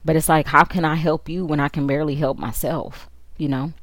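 A woman hosts a podcast and tells her own story candidly, with quick asides and plenty of feeling. Her voice sits very low. The recording is dry and close, with no room sound. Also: steady tone, dry recording. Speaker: podcast host.

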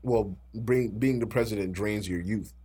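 Husky New York man, laid-back banter. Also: lowish voice, moderate pace, mellow. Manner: laid-back, teasing, laughs often. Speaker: podcast co-host. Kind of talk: casual chat.

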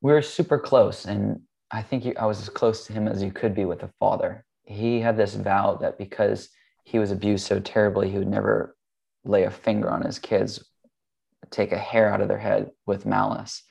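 Male guest, low-pitched, gravelly, earnest rambling storyteller. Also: fairly even intonation, moderate pace, a little mellow. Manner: earnest, rambling, frequent ums. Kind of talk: casual storytelling.

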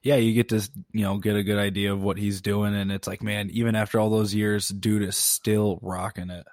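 A man's voice: fairly low pitch, level tone, fairly quick, a little mellow, dry recording. A man from Minnesota co-hosting a podcast, chatting casually and knowledgeably. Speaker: podcast co-host. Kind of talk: casual chat.

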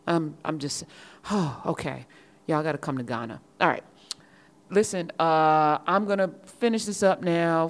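Podcast host, woman from the US with a low voice, loose monologue delivery, passionate and emphatic, often repeats words as she starts a thought. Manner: passionate, emphatic rhetorical questions.

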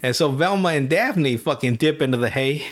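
A man's voice: fairly high pitch, moderate pace. Laughing, foul-mouthed podcast host man. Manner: profane, laughing storyteller who recaps cartoons; animated, jumps into silly character voices. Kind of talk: casual chat.

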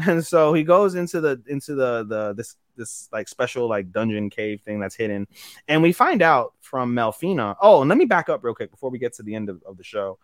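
A man's voice: mid-range voice, expressive, dry recording, studio quality. A young man casually recapping an anime episode on a podcast, rambling and swearing, briefly acting out the characters' lines. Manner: rambling, profane, acts out character lines in quick voices. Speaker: podcast co-host.

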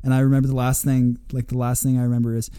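A young man co-hosting a podcast, recounting his memories in a relaxed way, full of fillers and "like". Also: mid-range voice, rapid-fire, smooth, no echo. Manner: relaxed, filler-heavy, says "like" often. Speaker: podcast co-host. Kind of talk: casual storytelling chat.

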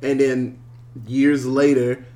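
A man's voice: medium pitch, level tone, slow, dark tone. A man casually retelling a movie plot in a podcast chat, rambling with lots of filler words. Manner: rambling storyteller, many "uh"s.

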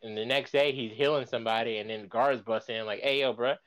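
A man's voice: medium pitch, steady tone, quick pace. Slangy, laid-back male podcast host. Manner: slangy, profane storytelling. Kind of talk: casual chat.

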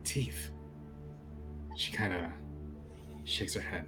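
A man's voice: fairly low pitch, steady tone, measured pace, over music. A man narrating as game master, loose and laughing, with many fillers.

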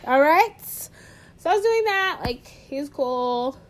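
A woman co-hosting a podcast in casual chat, playful and quick with quips. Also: sits high, lively intonation. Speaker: podcast co-host.

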